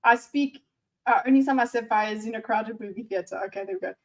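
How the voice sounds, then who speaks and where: A woman's voice: a little high, fast, rough recording. A woman in her thirties, a streamer giving sarcastic, teasing live reaction commentary. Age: 30s.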